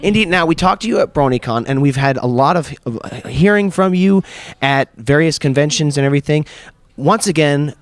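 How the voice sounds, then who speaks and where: A man's voice: a little high, fairly quick, no room sound. A man hosting a casual interview, patiently correcting his partner with wry asides.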